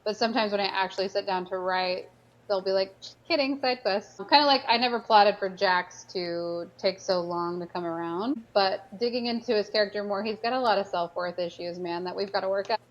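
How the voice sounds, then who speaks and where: A woman's voice: medium pitch, a little fast, highs cut off. A woman author chatting as a podcast guest, talking in loose, rambling sentences full of fillers and restarts, often apologizing. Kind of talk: casual podcast interview.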